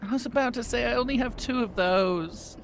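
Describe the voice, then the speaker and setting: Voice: medium pitch, fairly quick, a little hiss or hum. A player in a tabletop game, joking in playful, boastful banter. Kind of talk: tabletop role-play chat.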